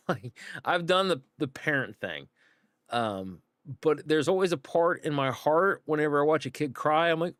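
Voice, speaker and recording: A man's voice: a little high, animated, unhurried, fairly bright tone, dry recording. Chatty rambling man streamer, dry sound. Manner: rambling, chatty, frequent fillers and acted-out quotes. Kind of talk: casual livestream chat to viewers.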